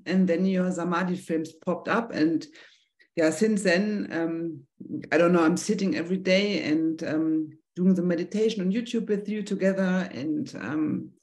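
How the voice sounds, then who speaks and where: A woman's voice: fairly low pitch, a little slow, a little mellow. Nervous middle-aged woman, German accent. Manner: hesitant, nervous, searching for words. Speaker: caller asking a question. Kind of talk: casual personal question.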